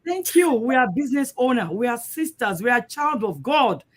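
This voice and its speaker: A woman's voice: fairly high pitch, animated, moderate pace. A woman giving a personal testimony in an emotional, heartfelt way. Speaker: guest speaker.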